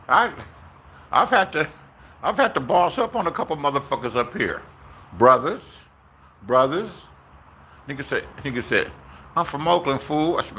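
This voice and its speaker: A man's voice: on the high side, animated, moderate pace, pauses often, pushed and bright, slight background noise. A man in his sixties from Inglewood, telling rambling, profane stories in a casual vlog and acting out the voices he quotes, recorded outdoors. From Inglewood, Los Angeles, USA. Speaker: YouTuber.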